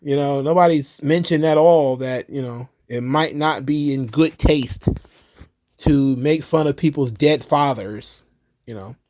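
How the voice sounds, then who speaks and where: A man's voice: mid-range voice, measured pace, a little mellow. A man hosting a wrestling commentary show, ranting casually with sarcasm and exasperation.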